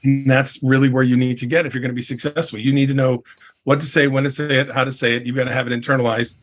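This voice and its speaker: Husky emphatic middle-aged man. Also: mid-range voice, flat delivery, fast. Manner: emphatic, leans on "I mean" and "right?". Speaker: real estate coach, guest. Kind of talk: casual podcast interview.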